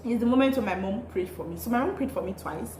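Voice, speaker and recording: A woman's voice: medium pitch, lively intonation, fast talker, darkish tone. A young Nigerian woman vlogging in a bubbly, chatty way, laughing often as she tells a story. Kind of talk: casual chatty vlog. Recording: roomy echo, faint noise.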